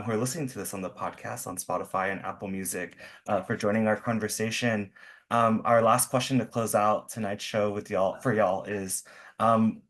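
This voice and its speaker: A male host guides a virtual conversation over a video call. He talks in a halting way, full of fillers and restarts. His voice sits fairly low. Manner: hesitant, many fillers and restarts. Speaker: podcast host.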